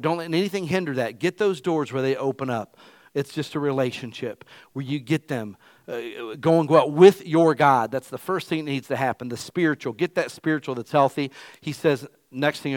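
A man's voice: mid-range voice, no echo. A male pastor giving an emphatic, conversational sermon to his church.

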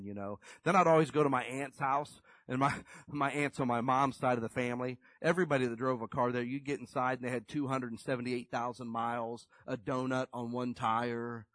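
A man preaching a conversational sermon, folksy and animated, acting out little scenes as he tells stories. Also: mid-range voice, brisk, few pauses, no room sound. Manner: folksy, animated storytelling with acted-out quotes.

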